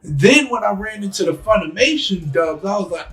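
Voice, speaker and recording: A man hosting a casual podcast, telling stories in a loose, animated way and acting out scenes in quick voices. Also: high-pitched, faint music behind, low-quality recording. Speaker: podcast host. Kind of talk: casual chat.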